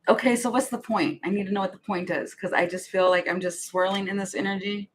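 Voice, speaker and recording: A woman's voice: medium pitch, fairly even intonation, fast, slight background noise, rough recording. A woman doing a casual tarot reading, musing aloud in a hesitant, giggly way with many restarts. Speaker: tarot reader.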